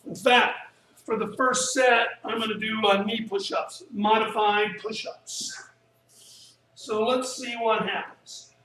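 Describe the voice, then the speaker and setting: A man's voice: high voice, steady tone, slow, sharp tone, slight background noise. A man coaching a live-streamed workout as a martial arts instructor, casually talking through moves and counting breaths aloud. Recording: echoey room.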